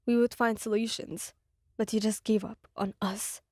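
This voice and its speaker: A woman's voice: on the high side, little pitch movement, moderate pace, a little mellow, no echo, clean studio sound, natural voice. A woman voicing a heartbroken young listener whose words tremble with hurt in an ASMR audio story.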